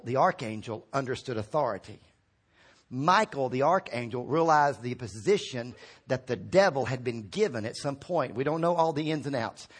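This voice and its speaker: A man preaching a sermon as pastor, swinging between hushed low lines and sudden shouts. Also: husky.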